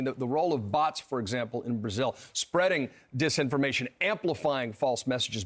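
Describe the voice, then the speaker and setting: A man giving measured political commentary as a guest on a televised news show, with small restarts. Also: medium pitch.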